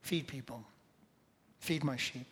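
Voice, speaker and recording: A man's voice: medium pitch, slow, a bit bright, slight background noise. A man preaching a sermon as a pastor, conversational at first and building to emphatic intensity. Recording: long hall reverb.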